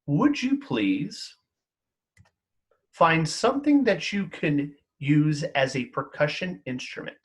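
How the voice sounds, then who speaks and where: A man's voice: fairly high pitch, sing-song, slow. A man teaching an elementary music lesson online, encouraging the class as he counts them in and chants rhythms with them.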